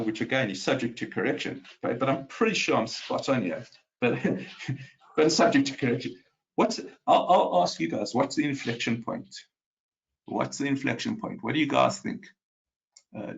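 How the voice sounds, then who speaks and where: A man's voice: mid-range voice, gravelly, highs cut off. A man hosting live market commentary from his home office, talking casually with many fillers and restarts and putting questions to his viewers. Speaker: market analyst host.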